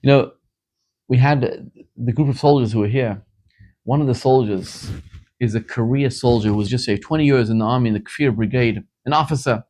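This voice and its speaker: A man from Zimbabwe, a rabbi, preaching a sermon with animated storytelling that builds to fervent emphasis. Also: mid-range voice, a little fast.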